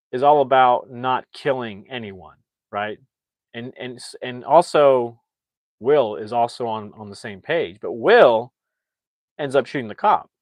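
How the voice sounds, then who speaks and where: A man casually recapping a movie plot, talking excitably and restarting his sentences often. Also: medium pitch, no echo. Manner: rambling, excitable, frequent restarts and "like". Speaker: movie reviewer.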